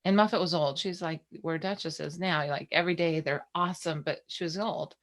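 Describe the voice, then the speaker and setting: Woman, middle-aged, low voice, podcast co-host, candid casual storytelling. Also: fairly even intonation, brisk. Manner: candid, personal storytelling with many restarts. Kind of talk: casual chat.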